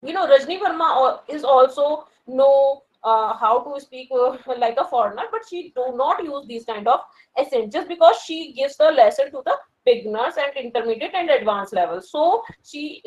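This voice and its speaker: The audio is dull, and the woman's voice sits high. A working professional from India with an Indian English accent, she talks casually and hesitantly about learning English, with many fillers and restarts.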